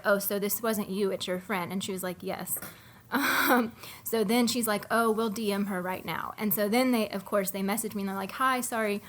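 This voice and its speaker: A young woman co-hosting a podcast, telling a long story in a casual, animated way with many fillers. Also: mid-range voice. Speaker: podcast co-host. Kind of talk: casual chat.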